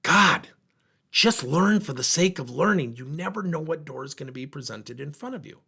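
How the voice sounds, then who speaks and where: Husky animated male workshop speaker. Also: fairly high pitch, fairly quick. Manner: animated storyteller, voicing others in dialogue. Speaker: workplace trainer and speaker. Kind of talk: motivational workshop talk with acted-out anecdotes.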